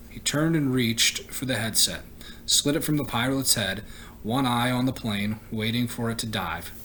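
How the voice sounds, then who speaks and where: Teacher reading a chapter book aloud, mid-pitched, even, slight slips. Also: male voice, moderate pace, a little hiss or hum, rough recording. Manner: steady reading with occasional stumbles and self-corrections.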